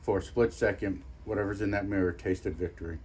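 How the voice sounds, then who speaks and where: A man's voice: lowish voice, fairly even intonation, a little fast, darkish tone, slight background noise. A man who investigates the paranormal, telling a story in an interview in a rambling way.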